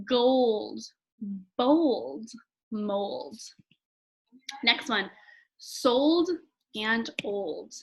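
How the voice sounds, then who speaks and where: A woman's voice: fairly high pitch, a bit bright, poor audio. A woman teacher giving a recorded phonics lesson to young children, friendly and chatty, stretching out example words. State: throat tickle, clears throat often. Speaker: elementary school teacher.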